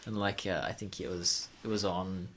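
A man co-hosting a casual podcast, speaking haltingly with frequent fillers and trailing pauses. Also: low voice, little pitch movement, fairly bright tone, slight background noise. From United Kingdom. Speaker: podcast co-host.

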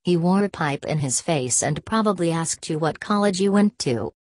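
A woman narrating a novel as an audiobook, in an even, measured reading. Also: sits low, dry recording.

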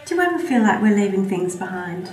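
A woman's voice: mid-range voice, sing-song, fast, darkish tone, lightly acted. An actress playing a worried woman questioning her partner. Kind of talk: film acting. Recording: echoey room.

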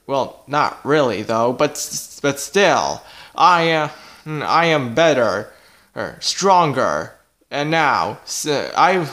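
A man voicing a boastful robot cat from the future in a plushie comedy video, talking in a slow, halting way and making clicking "ch ch" noises. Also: on the high side, fairly bright tone.

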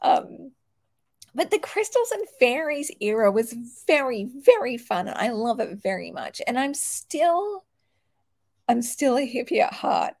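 A woman's voice: fairly high pitch, vocal fry, darkish tone. A woman in her forties chatting casually with viewers as a host, laughing often and swearing now and then. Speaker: host answering viewer questions. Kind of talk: casual chat.

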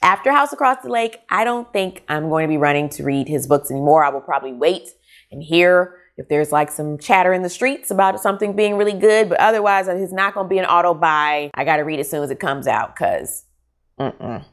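A woman's voice: lowish voice, fairly quick. A middle-aged woman and mother giving a frank, exasperated book review in a casual vlog.

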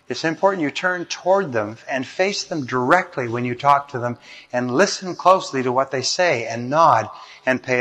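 A man giving a self-help talk as a motivational speaker, in a measured, explanatory way. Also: mid-range voice, fairly bright tone. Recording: long hall reverb.

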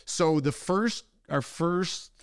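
A man's voice: on the high side, takes it slowly, dry recording. Dry-sounding man, casual podcast co-host. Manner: playful, quotes famous movie lines in put-on voices. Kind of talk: casual chat.

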